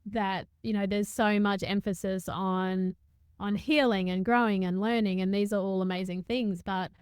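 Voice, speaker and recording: Woman host, smooth resonant voice, reflective spiritual chat, stops and restarts often. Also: mid-range voice, fairly even intonation, darkish tone, dry recording, clean studio sound. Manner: halting, searching for words, lots of restarts. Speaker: podcast host. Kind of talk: reflective conversational podcast talk.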